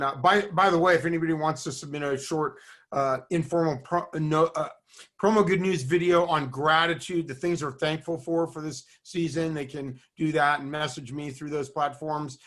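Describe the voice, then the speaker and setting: A man co-hosting a casual live online show, with a bright, forceful voice pitched a little high. He speaks in an upbeat, promotional way, with fillers scattered through. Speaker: co-host.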